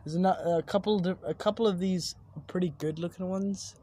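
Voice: medium pitch, steady tone, a little fast, warm tone, slight background noise. A young adult vlogger rambling casually outdoors at night, swearing often and stopping mid-word to correct themselves. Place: outdoors at night overlooking buildings.

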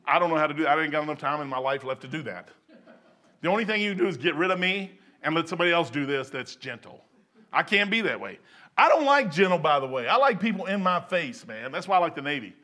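An older man preaches in a loose, folksy way, quick to get excited. His voice sits high and rings bright and forceful. He rambles through asides and then bursts out loud. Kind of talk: informal sermon.

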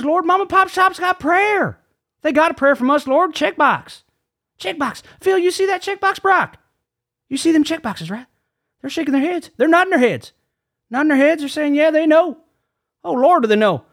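A man puts on an overexcited reverend who leads a comedic prayer in a strikingly high voice. He tacks "Lord" onto every phrase and keeps fumbling his words as he rambles. He speaks close into a studio mic. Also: fairly bright tone, heavily acted. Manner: says "Lord" after nearly every phrase, trips over his words. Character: excitable rambling male reverend. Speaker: guest preacher character. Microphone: studio dynamic mic.

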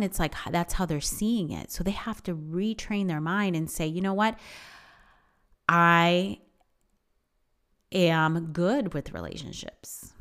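Middle-aged woman, low-pitched voice, earnest, repetitive, restarts sentences, casual motivational talk. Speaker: speaker on affirmations.

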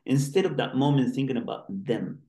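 A man's voice: medium pitch, lively intonation, fairly quick, mellow. A male doctor being interviewed, who talks in an earnest, rambling way with many restarts. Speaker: guest doctor. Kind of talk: interview conversation. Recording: roomy echo.

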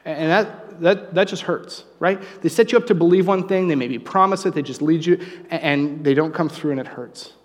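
A man preaching a sermon, conversational and joking, with animated asides. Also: a little high, moderate pace, few pauses, long reverb tail. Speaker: pastor. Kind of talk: sermon with humorous story.

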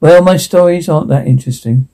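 A woman's voice: deep voice, quick pace, dark tone. An actress playing a candid, wry single mother in a drama. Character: tired young single mother, devoted. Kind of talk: dramatic film acting.

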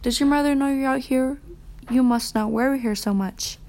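A woman reading aloud the lines of a curious, scolding fishmonger man in a storybook, her voice raised in pitch. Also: moderate pace, a little mellow. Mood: questioning.

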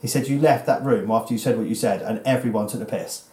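A man's voice: on the low side, quick pace, a little mellow, reverberant. A man in his thirties with an English accent, telling a rambling, sweary story on a casual podcast. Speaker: podcast co-host.

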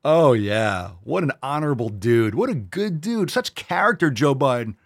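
Male podcast host: swears freely, rants with emphasis, lively pitch, dry close sound. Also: normal speed, breathy edge, no echo. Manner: profane, emphatic, ranting. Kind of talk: casual opinion rant.

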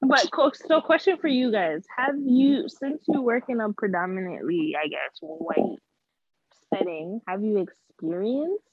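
A woman's voice: mid-range voice, expressive, unhurried, crowd noise. A woman in casual chat with an easygoing, laid-back way of talking. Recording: dry, dull lo-fi sound.

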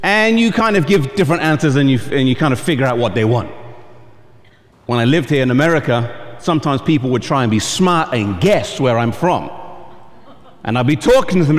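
A man's voice: mid-range voice, lively intonation, fairly quick. A man with an English accent, a pastor, preaching a sermon and telling stories with acted-out voices. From England. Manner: storytelling, acting out quoted voices. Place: camp meeting hall. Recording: long reverb in a large hall.

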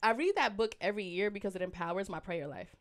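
A woman co-hosts a casual faith conversation. She tells personal stories with lively swings of pitch and loudness. She acts out her past reactions as she goes. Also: quick pace. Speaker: podcast co-host.

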